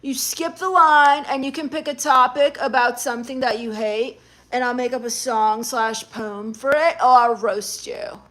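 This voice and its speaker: High-voiced sarcastic woman streamer. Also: fairly even intonation, normal speed, a bit bright. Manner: sarcastic, mocking. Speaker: live streamer. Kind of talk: live stream chat reading.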